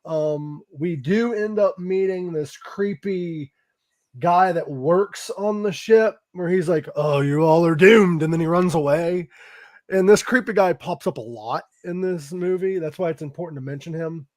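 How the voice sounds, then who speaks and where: A man's voice: sits high, a little slow, darkish tone. A man hosting a podcast, giving a loose, profane, casual recap of a film, full of fillers like "um" and "like". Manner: loose, profane retelling with frequent fillers and laughs. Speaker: podcast host.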